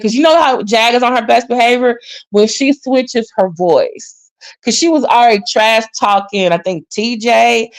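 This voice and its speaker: Sassy woman host spilling tea, higher voice, lots of swoops up. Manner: animated, sassy, mimics others, jumps pitch often. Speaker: commentary channel host. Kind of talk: casual gossip commentary.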